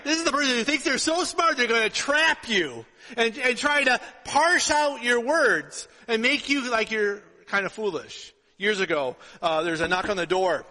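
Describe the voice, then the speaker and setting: A middle-aged man preaching a sermon as pastor, telling stories and acting out the dialogue with lively energy. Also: very high voice. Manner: storytelling, animated with acted-out dialogue. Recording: long reverb of a hall.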